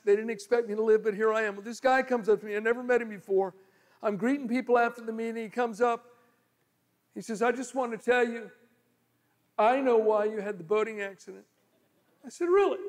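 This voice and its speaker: A male pastor preaching a sermon, telling stories and shifting from loud pleading to low murmurs. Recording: long hall reverb.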